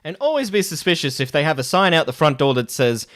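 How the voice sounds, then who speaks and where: Male co-host, casual podcast banter, lively pitch, quick to laugh and curse. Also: no echo, clean studio sound. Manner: laughs often, swears, animated storytelling.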